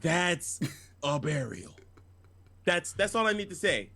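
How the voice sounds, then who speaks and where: A man with a fairly high, bouncy voice backs up the host on a casual wrestling stream. He jumps in with short interjections and urges him on. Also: sing-song, vocal fry, pushed and bright. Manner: chiming in with quick interjections and hype. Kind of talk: casual livestream commentary.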